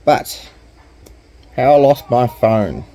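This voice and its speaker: Laid-back Australian man with a dark voice. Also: mid-range voice, expressive, takes it slowly, low-quality recording. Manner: laid-back, chatty, slangy. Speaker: vlogger. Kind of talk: casual storytelling.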